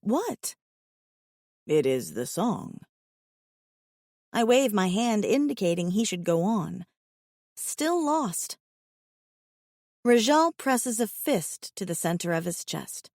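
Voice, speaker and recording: A woman reads a first-person romance audiobook in an unhurried, deliberate way, her tone expressive and wryly self-aware. Her voice sits mid-range and the recording is dry and close, with no room sound. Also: medium pitch, dry recording. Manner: expressive, wry inner monologue. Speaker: audiobook narrator.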